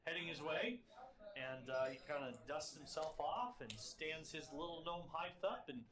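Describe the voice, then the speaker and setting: A man's voice: fairly high pitch, a little slow, crowd noise. A man narrating as dungeon master, rambling with many fillers. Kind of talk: narrating a tabletop game.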